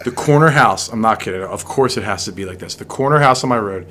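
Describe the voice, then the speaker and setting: A man telling a story in casual chat as a podcast co-host, animated and laughing, with frequent swearing. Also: fairly low pitch, fast talker, slight background noise. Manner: animated, laughs often, swears, repeats "I'm not kidding".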